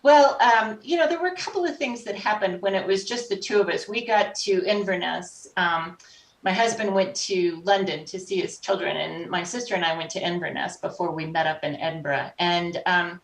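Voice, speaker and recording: A woman guest on a podcast, telling stories in an animated, conversational way and acting out the voices of people she met. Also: lowish voice, moderate pace, vocal fry. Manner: animated, acts out quoted voices. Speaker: podcast guest, life coach. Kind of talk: conversational storytelling. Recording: roomy echo, distant from mic.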